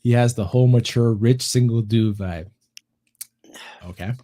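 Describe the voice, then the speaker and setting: Co-hosting a casual livestream podcast, a man talks at a measured pace in a warm, mid-range voice. He chats loosely and profanely and reads viewer comments out loud.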